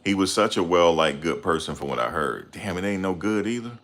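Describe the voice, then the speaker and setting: A man hosting a casual livestream, reading viewer comments and ranting heatedly with loud outbursts and repeated phrases. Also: low voice, animated, fairly quick. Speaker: livestream host.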